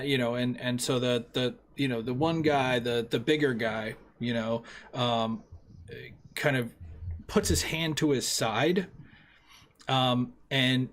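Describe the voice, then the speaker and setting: A man's voice: medium pitch, a bit bright, a little hiss or hum. A man narrating as game master for a tabletop role-playing game, rambling with many fillers.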